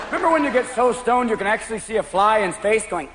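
A man's voice: extremely high pitch, fast talker, few pauses, very noisy. A man doing a stand-up comedy routine with manic energy, jumping into silly character voices. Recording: live show, echoey room, loud crowd laughter.

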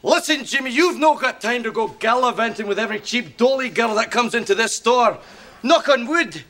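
A man's voice: extremely high pitch, animated, normal speed, heavily acted. An actor playing a hot-tempered Scottish shop owner and father in a comedy sketch, blustering between threats and tearful affection, with a Scottish accent. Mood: bickering. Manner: blustering, shouts threats then gushes affection.

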